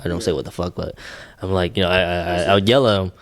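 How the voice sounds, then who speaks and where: A man's voice: deep voice, steady tone, quick pace, no echo. A young man co-hosting a podcast, chatting casually and rambling with lots of fillers and restarts. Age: young adult. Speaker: podcast co-host. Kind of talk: casual chat.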